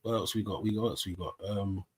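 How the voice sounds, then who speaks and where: A man's voice: fairly low pitch, steady tone, quick pace, husky, no echo. A Jamaican man, chatting on a live panel in a laid-back, slangy way, getting defensive as he jokes. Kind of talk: casual panel chat.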